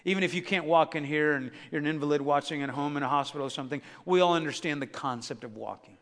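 A man preaching a sermon as pastor, building to shouts and calling on the congregation to answer back. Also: fairly high pitch, fast. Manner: preaching with rising shouts and call-and-response. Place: church sanctuary. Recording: long reverb of a church hall.

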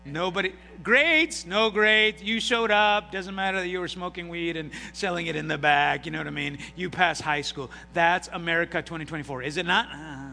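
A man preaching a sermon as pastor, telling stories with acted-out voices and lively emphasis. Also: fairly high pitch, normal speed, gravelly, hardly any pauses, faint music behind. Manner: animated storytelling with acted-out voices. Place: church sanctuary. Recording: live hall reverb with mains hum.

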